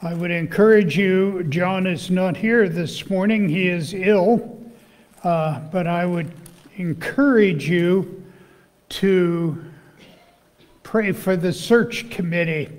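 A male pastor who is losing his voice, giving church announcements and reading scripture in a slow, measured way with fillers. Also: high voice, in a large hall. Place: church sanctuary.

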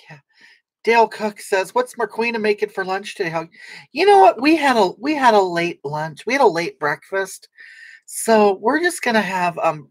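A woman performs a brash, boozy livestreamer who rambles through viewer comments and snaps back with sarcasm. Her mid-pitched voice sounds dry and close to the mic. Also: no room sound, close to an everyday voice. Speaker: livestream comedy character. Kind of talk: improvised comedic livestream chat.

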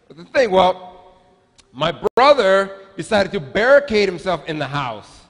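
A man in his forties preaches with a high, lively voice that swoops up and down. He tells stories in a chatty, humorous way that draws the congregation in. His words ring with the long reverb of a church sanctuary. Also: unhurried. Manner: animated, humorous, chatty storyteller. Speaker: pastor. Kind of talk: sermon with personal storytelling.

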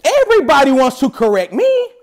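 Very high-voiced male pastor preaching. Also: brisk. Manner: animated preaching with playful asides. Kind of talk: sermon. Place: church service.

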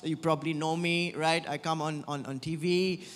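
A man's voice: a little high, steady tone, moderate pace, voice pushed down, close to an everyday voice. Brief: man doing a flustered prophet, tripping over his words in a reverberant church. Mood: nervous. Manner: stammering, hesitant. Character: awkward nervous male prophet proposing.

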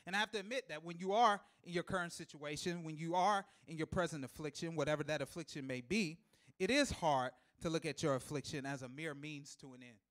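A man preaching a live sermon in a church, repeating key lines for emphasis and building to loud, emphatic shouts, with chuckles between points. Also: a little high, fairly quick. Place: church sanctuary.

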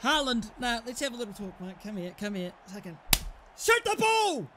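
A young man commentating his football video game match, excitable and often shouting and swearing at his teammates. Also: high-pitched, fairly quick, slight background noise. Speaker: gaming YouTuber. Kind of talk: live gameplay commentary.

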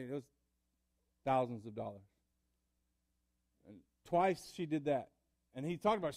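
A man preaching a sermon in church, building up to loud fervor. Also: fairly high pitch, normal speed, pauses often, no echo. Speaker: pastor. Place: church sanctuary.

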